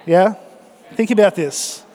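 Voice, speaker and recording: A man preaches to his congregation with energy and humor, his voice high and lively. It rings through a church with a long reverb. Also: takes it slowly. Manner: energetic, joking, exhorting the congregation. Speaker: pastor. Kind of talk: sermon.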